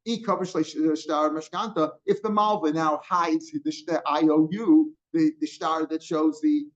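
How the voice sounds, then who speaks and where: An older man teaching Talmud line by line, his voice sitting a little higher than most men's. He explains step by step, sprinkles in Hebrew and Aramaic terms and keeps asking "right?" The recording is dull and lo-fi. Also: steady tone, measured pace. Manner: explanatory, checks in with frequent rhetorical "right?".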